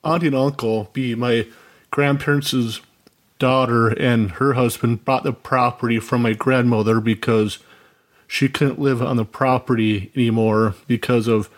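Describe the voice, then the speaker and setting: A man's voice: medium pitch, fairly even intonation, unhurried. A man from Minnesota calling in to a radio show, telling a story in an earnest, rambling way with many asides. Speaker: caller. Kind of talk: phone-in storytelling.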